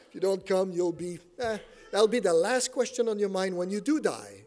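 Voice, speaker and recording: French-Canadian preacher with a high voice. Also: male voice, very animated, moderate pace. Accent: Quebec French. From Quebec City, Canada. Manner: self-deprecating jokes, many fillers, drops to quiet for serious points. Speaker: preacher and theology teacher. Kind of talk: sermon with personal story.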